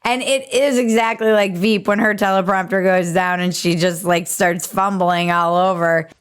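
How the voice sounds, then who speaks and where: A woman's voice: medium pitch, steady tone, moderate pace, smooth. A woman hosting a podcast, riffing sarcastically in casual comedic commentary. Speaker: podcast host.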